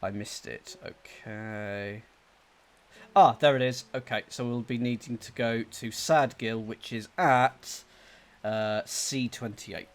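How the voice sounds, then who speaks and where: A man's voice: medium pitch, steady tone, takes it slowly. A man hosting a let's play, thinking aloud, muttering to himself and reading out game text. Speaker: gaming channel host.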